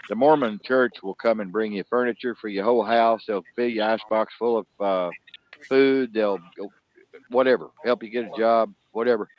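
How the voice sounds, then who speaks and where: A man's voice: on the low side, normal speed, highs cut off, a little hiss or hum. A man telling stories in a rambling, chatty way, often adding "you know.". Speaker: storyteller in a casual talk. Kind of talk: casual chat.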